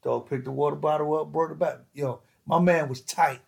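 Animated New man telling a story. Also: on the high side, moderate pace, vocal fry. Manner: animated, slangy and profane, acts out other people's lines. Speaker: podcast host telling stories. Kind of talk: casual storytelling chat.

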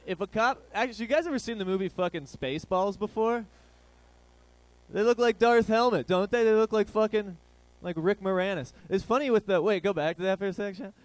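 A man's voice: high voice, quick pace, hardly any pauses. A man hosting a comedy show, riffing crudely and rambling as he asks the live crowd questions. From Ireland. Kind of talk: stand-up comedy banter with a live audience.

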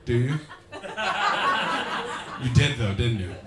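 Man, stand-up comic, loud and profane crowd work, live club with heavy crowd noise. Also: mid-range voice, slow, roomy sound. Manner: loud, profane, teasing audience members. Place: comedy club before a live audience.

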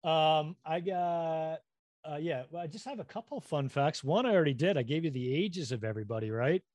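A middle-aged man co-hosting a podcast in casual chat, quick with asides and jokes. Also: fairly high pitch, animated, darkish tone, no room sound. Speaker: podcast co-host.

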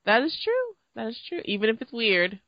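Giggly woman with an animated voice. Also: a little high, fairly quick, no echo, highs cut off. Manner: giggly, chatty, many fillers like "like". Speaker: podcast co-host. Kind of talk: casual chat.

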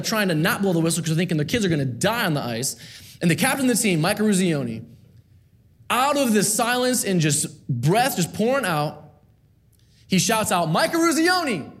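A man's voice: sits high, sing-song, normal speed. A man preaching a sermon to a church, earnest and rhythmic, repeating key phrases with rising emphasis.

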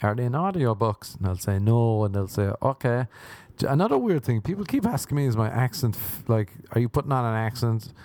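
A man's voice: mid-range voice, very animated, quick pace, few pauses, warm tone. A young Irish man, a stand-up comedian, rambling self-mockingly through a casual podcast outro.

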